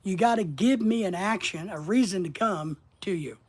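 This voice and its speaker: A man's voice: sits high, moderate pace, darkish tone, breathy edge. A middle-aged man with a slight Southern accent coaches viewers through a casual livestream lesson. He talks in a rambling, plainspoken, conversational way. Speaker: online business coach.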